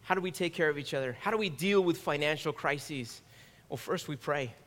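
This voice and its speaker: A man's voice: on the high side, fairly quick, a bit bright. A man pastor delivering a sermon in an earnest, conversational preaching manner. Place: church sanctuary. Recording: long reverb of a church hall.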